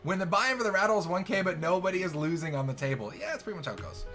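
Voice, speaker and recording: Man, poker host, fairly high voice, joking commentary, loud cheers and quiet murmurs, music playing behind. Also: animated, racing. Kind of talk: live poker hand commentary.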